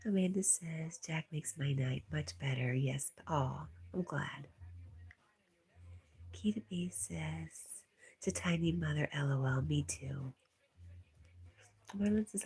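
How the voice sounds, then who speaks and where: Livestream host, woman, deep breathy voice, relaxed chat with viewers. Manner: reads viewer comments aloud, often softly whispered.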